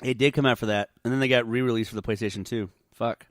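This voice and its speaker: A man's voice: medium pitch, fairly even intonation, fast talker, no echo, clean studio sound. A man co-hosting a casual podcast chat, talking in a profane, joking way while a bit tipsy. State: tipsy from drinking. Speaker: podcast co-host.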